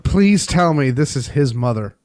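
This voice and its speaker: A man co-hosting a podcast in casual chat, curious and quick with questions. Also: medium pitch, expressive, a little mellow, no room sound. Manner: curious, keeps asking questions. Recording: noisy background hiss.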